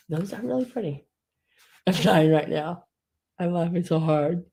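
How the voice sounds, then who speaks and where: A woman's voice: lowish voice, animated, measured pace, pauses often, mellow, breathy edge. A woman hosting a live online sale, chatting casually, giggling often and restarting her sentences.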